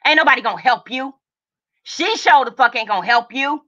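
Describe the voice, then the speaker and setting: A woman's voice: sits high, expressive, brisk, pushed and bright, highs cut off. A middle-aged woman hosting a livestream, ranting in furious, profane confrontation, agitated and overheated, and repeating her lines for emphasis. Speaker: livestream host. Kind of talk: angry livestream rant.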